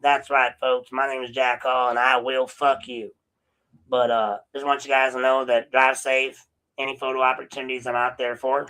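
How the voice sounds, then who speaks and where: A man's voice: mid-range voice, little pitch movement, normal speed, sharp tone, natural voice, poor audio. A man voicing a smug, corrupt male sheriff in a profane parody of a campaign speech.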